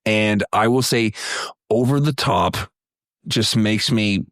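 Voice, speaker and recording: A man co-hosting a casual movie review chat, rambling, swearing and telling animated stories. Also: on the low side, takes it slowly, dry recording, clean studio sound. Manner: rambling, profane, animated storytelling. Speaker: podcast co-host.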